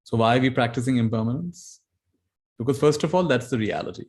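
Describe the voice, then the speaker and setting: Gentle meditation teacher. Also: male voice, medium pitch, fast talker. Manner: gentle storytelling, repeats key phrases. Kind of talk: dharma talk.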